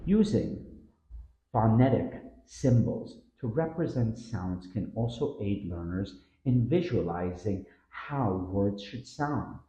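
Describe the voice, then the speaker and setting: A man's voice: on the low side, lively intonation, mellow, reverberant, highs cut off, slight background noise. A man narrating a scripted pronunciation lesson, drawing out the words he models. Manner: slow, drawn-out model words with stressed syllables. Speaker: pronunciation teacher.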